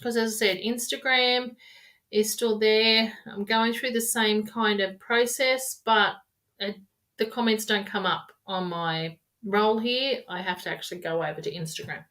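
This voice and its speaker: A woman's voice: medium pitch, a little slow, fairly bright tone. A woman giving live-streamed tarot readings in a rambling, repetitive, affectionate way, calling viewers darling and my loves. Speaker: tarot reader.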